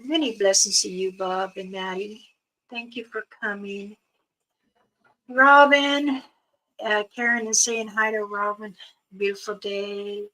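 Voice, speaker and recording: A woman's voice: medium pitch, pushed and bright, low-quality recording. A woman hosting a casual livestream, chatting about a trip with frequent laughs and reading viewer comments aloud. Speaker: livestream host. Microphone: streaming setup.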